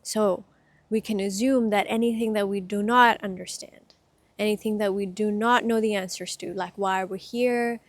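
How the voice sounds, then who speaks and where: A woman giving a casual spiritual talk outdoors, soft-spoken and reflective, pausing often and getting emotional. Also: mid-range voice, steady tone, dry recording. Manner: gets emotional. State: itchy from hay fever. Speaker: spiritual speaker.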